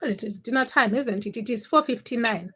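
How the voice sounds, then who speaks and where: Woman, young adult, high pitch, livestream host, teasing chat banter. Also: brisk, pushed and bright, breathy edge. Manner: teasing and laughing, reads chat names aloud. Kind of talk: casual livestream chat, reading comments.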